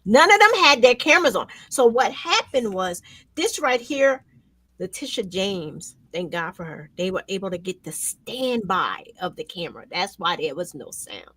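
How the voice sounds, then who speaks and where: Emotional woman host, swinging from loud to hushed. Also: fairly low pitch, sing-song, unhurried, slightly rough, dry recording. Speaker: show host. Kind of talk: emotional commentary chat.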